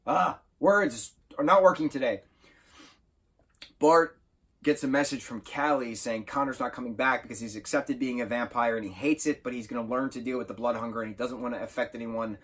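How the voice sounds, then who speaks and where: A man talks through a book review in a loose, enthusiastic ramble, catching and fixing his words as he goes. His voice sits at a middling pitch with a husky edge. It sounds like an informal chat rather than a script. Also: a bit bright. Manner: enthusiastic, rambling, with self-corrections. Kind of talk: casual spoken book review.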